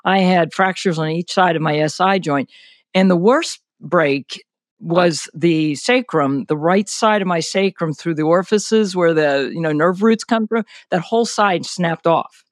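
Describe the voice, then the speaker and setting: A man's voice: fairly high pitch, a little slow, dry recording, studio quality. An older man, a senior athlete, telling his story in an interview in a candid, detailed way, with plenty of "you know" and "like". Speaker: guest, senior athlete recounting an injury. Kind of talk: conversational interview.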